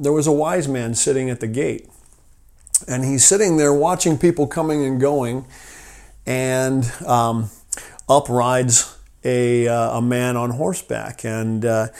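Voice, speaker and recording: A man hosting a rescue mission podcast from his office, telling a parable in an informal sermon style, often pausing and repeating words. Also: mid-range voice, darkish tone. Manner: halting, repeats words while finding his way.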